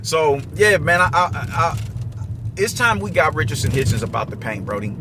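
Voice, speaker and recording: Brief: young New guy, high voice, loose profane street talk, noisy recording with car sounds behind. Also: animated, normal speed. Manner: profane, slangy, restless and repetitive. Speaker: boxing commentator. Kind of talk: casual commentary rant.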